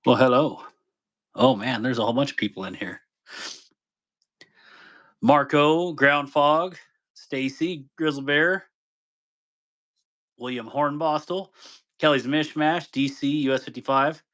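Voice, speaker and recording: A man's voice: mid-range voice, unhurried, long pauses, a bit bright. A man hosting a casual live stream, greeting viewers by name, chatting loosely and laughing easily.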